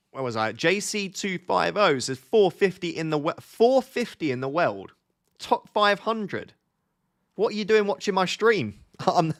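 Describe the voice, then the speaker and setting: A fantasy football streamer with a medium-pitched, fairly bright voice chats casually on a live stream. He reads out viewer questions and answers them.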